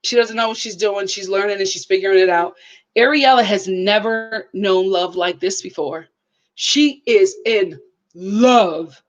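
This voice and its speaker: A woman with features giving a casual live review of a reality show, speaking to her viewers in an animated, preachy way. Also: medium pitch, a little slow, dull audio.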